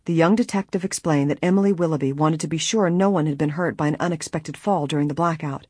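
An audiobook reader narrating a mystery story in a measured way, with a breathy voice. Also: medium pitch, darkish tone, dry recording, studio quality. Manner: measured storytelling, voicing each character. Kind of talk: scripted narration.

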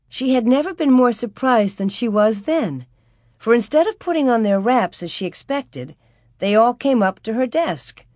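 A woman narrates a storybook with a calm, measured, expressive delivery. Her voice sits a little low, and the recording is dry and close. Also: dry recording. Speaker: audiobook narrator.

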